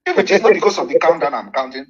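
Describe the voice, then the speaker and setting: A man's voice: a little high, lively intonation, racing, lo-fi sound. A man in a recorded speech clip, speaking in a boastful, emphatic way.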